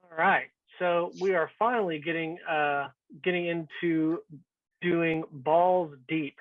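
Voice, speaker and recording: A man's voice: fairly high pitch, fairly even intonation, slow pace, no room sound, phone-quality sound. A man co-hosting a casual podcast chat, joking and laughing with friends. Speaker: podcast co-host.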